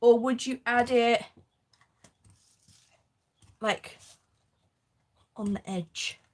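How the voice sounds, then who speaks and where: A woman hosts a live crafting stream, chatting casually as she works. Her voice sits a little high, and she laughs often while reading out and answering comments from viewers. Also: fairly even intonation, extremely slow.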